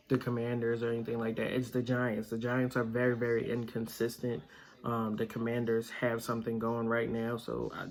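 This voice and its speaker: A man's voice: mid-range voice, creaky. A man hosting a casual sports picks vlog, blunt and opinionated, with plenty of filler words. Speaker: vlog host.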